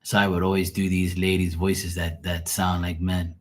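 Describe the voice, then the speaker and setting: Bermudian guy chatting on his tarot stream, low raspy voice, swears a lot, loose rambling talk. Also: flat delivery, moderate pace. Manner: rambling, profane, laughs often. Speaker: live tarot reader and streamer. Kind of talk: casual chat on a livestream.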